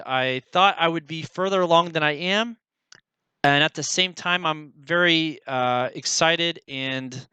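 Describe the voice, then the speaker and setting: A young man talking casually to the camera in a vlog, halting, with many fillers as he searches for words. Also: on the high side, bright, forceful tone, clear, resonant tone, dry recording, low-quality recording. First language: English. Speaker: language learner.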